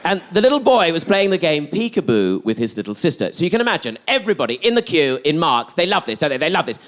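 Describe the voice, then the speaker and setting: Camp comic, high voice that swoops all over, noisy live club sound. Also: male voice, sing-song, fast talker, a bit bright. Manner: camp, arch, spiteful asides. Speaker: stand-up comedian. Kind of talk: stand-up storytelling. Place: comedy venue stage.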